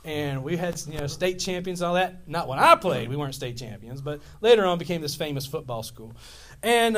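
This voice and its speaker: A man in his fifties from Louisiana, preaching a sermon as pastor, telling stories in an animated, rambling way with many restarts. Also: high voice.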